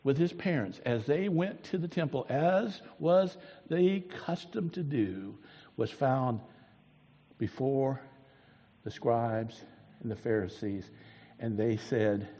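A man preaching a sermon as pastor, swinging from booming emphasis to hushed, drawn-out words. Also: expressive. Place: church sanctuary. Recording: long hall reverb.

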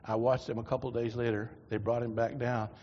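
A man preaching a sermon, telling a personal story in a folksy, animated way. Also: medium pitch, brisk, slight background noise. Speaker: preacher giving testimony. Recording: lo-fi reverberant hall.

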